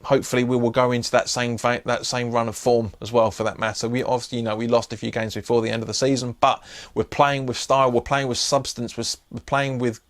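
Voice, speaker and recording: A man's voice: mid-range voice, level tone, fast talker. A man hosting a casual football preview vlog, chatty and loose, often restarting his sentences. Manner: chatty, frequent restarts and fillers. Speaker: host.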